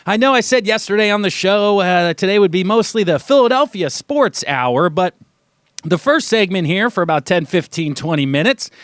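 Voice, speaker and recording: A man's voice: normal speed, no echo, studio quality. A young man hosting a sports radio show, talking casually and animatedly, mocking what he reports with put-on voices. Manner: animated, mocking, acts out quotes in a high voice. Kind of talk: casual sports talk monologue. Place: radio studio.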